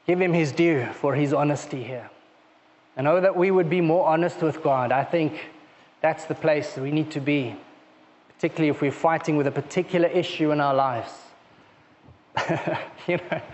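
A man preaching a sermon in a conversational way, often checking in with "okay?" and soft laughs, moving between raised emphatic lines and low intimate asides. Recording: muffled lo-fi sound with long hall reverb.

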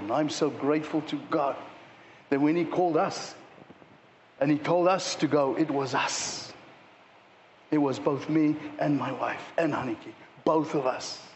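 A male pastor preaching a sermon, animated, at times mimicking sports fans shouting at players. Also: medium pitch, a little slow, a little hiss or hum. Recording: dull sound with long hall reverb.

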